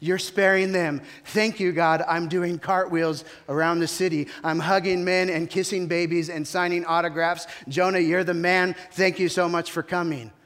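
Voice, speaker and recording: A man voicing an emotional, petulant ancient male prophet, loud and theatrical, exclaiming his lines. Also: high voice, flat delivery, normal speed, few pauses, clear, resonant tone, long reverb tail. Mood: elated.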